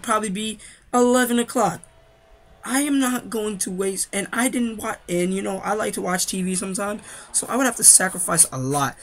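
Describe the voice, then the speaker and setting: A man's voice: high voice, fairly bright tone. Nasal, congested teenage boy. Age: teens. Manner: chatty, rambling, talks straight to viewers. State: congested from sinus trouble. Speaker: gaming YouTuber. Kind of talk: casual game commentary voice-over.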